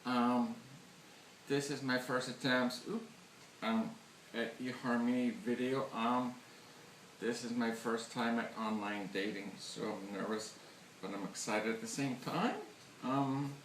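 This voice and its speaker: A young man in a comic parody of a dating video, halting and overwrought, breaking into tearful gushing. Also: mid-range voice, a bit bright, a little hiss or hum. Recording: roomy echo, mic at a distance, faint ambience.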